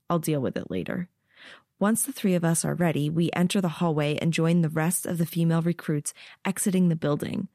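A woman narrating an audiobook and hosting its podcast, reading with steady, expressive storytelling. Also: low-pitched, no echo, clean studio sound.

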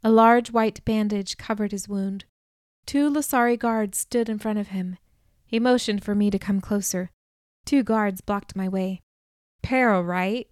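A woman narrating a first-person audiobook in an even, clear storytelling manner on a close studio mic. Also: mid-range voice, measured pace, no echo.

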